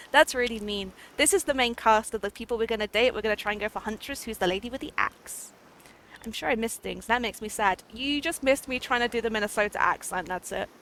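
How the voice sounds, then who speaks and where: A woman's voice: fairly high pitch, fairly quick, slight background noise. A woman streaming a dating game, reading the lines aloud and reacting with giggles and silly attempts. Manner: giggly, excitable, trying out silly accents.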